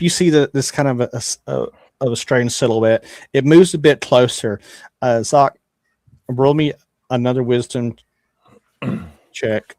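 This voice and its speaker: A man's voice: mid-range voice, measured pace, vocal fry, long pauses, a little mellow, dry recording, clean studio sound. A man narrating as game master in a casual, rambling way, often restarting his sentences.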